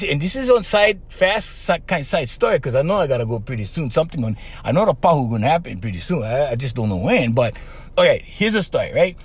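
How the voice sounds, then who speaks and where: A man's voice: a little high, husky. A man, rambling casually as host and often laughing as he talks to listeners. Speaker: host, former radio voice performer.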